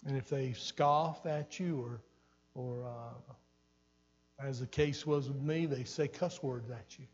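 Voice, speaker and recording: A man's voice: medium pitch, steady tone, slow pace, a little mellow, slightly rough, muffled recording. An older man pastor preaching an earnest sermon, repeating phrases for emphasis, recorded in a church hall. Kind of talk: sermon teaching. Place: church sanctuary.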